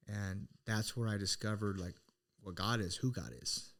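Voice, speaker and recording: A man's voice: on the low side, fairly even intonation, normal speed, few pauses, a bit bright. Earnest reflective man telling a story. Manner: earnest, reflective, full of restarts. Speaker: podcast co-host. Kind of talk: casual personal storytelling.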